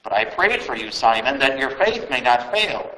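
A man's voice: mid-range voice, sing-song, normal speed, pushed and bright, voice pushed down. Man reading a solemn, tender teacher. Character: calm male teacher giving last words. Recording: roomy echo.

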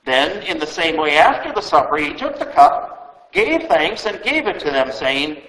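A man giving a measured, expressive reading of scripture, recorded in a roomy space. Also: fairly high pitch. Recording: roomy echo.

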